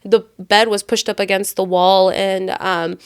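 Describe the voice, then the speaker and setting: A woman co-hosting a casual podcast, spinning a personal story with lively energy and a steady stream of "like". Her voice sits at an ordinary middle pitch, and her delivery is relaxed and conversational. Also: unhurried, smooth. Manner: animated storyteller, heavy filler "like". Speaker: podcast co-host.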